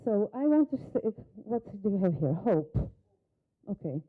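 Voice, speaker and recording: A woman whose first language is Hebrew runs a hands-on workshop demo. She guides a volunteer with brisk prompts and direct questions, at a middle pitch. The audio is thin and tinny, like a phone line in a conference hall. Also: very animated. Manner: coaching, short instructions and questions to a volunteer. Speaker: workshop facilitator. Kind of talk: live workshop demonstration.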